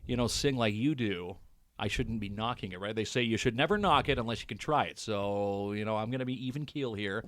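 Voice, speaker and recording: A man's voice: fairly low pitch, a little fast, fairly bright tone. A man co-hosting a podcast, chatting good-humoredly with frequent restarts. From Northern Ontario, Canada. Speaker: podcast co-host. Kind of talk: casual chat.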